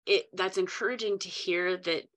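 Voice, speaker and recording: A woman podcast host responding warmly and haltingly, with many restarts, in casual interview chat. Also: on the low side, steady tone. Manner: gushing, halting, restarts often.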